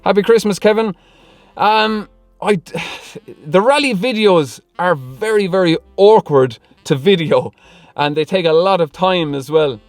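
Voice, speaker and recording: Chatty high-voiced man. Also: lively intonation, measured pace, no room sound. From Ireland. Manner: chatty, laughs often between lines. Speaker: car vlogger. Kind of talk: casual Q&A vlog, reading comments.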